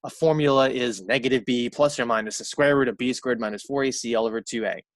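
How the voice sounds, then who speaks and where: A man's voice: mid-range voice, steady tone, quick pace, dry recording, clean studio sound. A man teaching a recorded college math lecture in a conversational way, repeating key points and correcting himself aloud.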